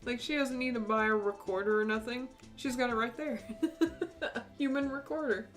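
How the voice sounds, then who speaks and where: A young woman giving casual, playful commentary while streaming a game, laughing often and throwing in mock cowboy yells. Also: fairly high pitch, steady tone, moderate pace, long pauses, faint music behind. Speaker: gaming streamer. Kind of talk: casual let's play commentary.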